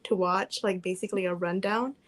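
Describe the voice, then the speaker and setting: A young woman co-hosting a podcast, chatting in a relaxed way about studying. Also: on the low side, brisk. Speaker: podcast co-host. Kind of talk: casual chat.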